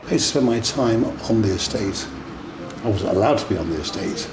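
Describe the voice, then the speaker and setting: A man's voice: on the low side, animated, normal speed, vocal fry. An older man chef, interviewed, talking in a blunt, chatty way with anecdotes. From England. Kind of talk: casual interview. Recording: echoey room with background noise.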